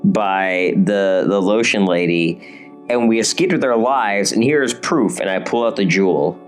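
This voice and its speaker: Low-voiced joking male player. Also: unhurried, soft background music. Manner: joking, stammers when excited. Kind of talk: casual tabletop play.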